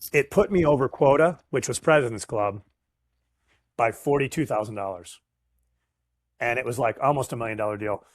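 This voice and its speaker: This middle-aged man, a sales professional, is the guest in a casual storytelling interview, acting out conversations and speaking in slang. His voice is medium-pitched and the recording is dry.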